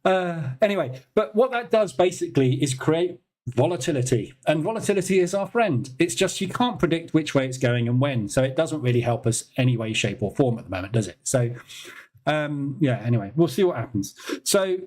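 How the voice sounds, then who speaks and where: Male streamer, live market commentary, casual and incredulous, slightly higher voice. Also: expressive, brisk, darkish tone. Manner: chatty, incredulous, laughs often. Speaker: trading stream host.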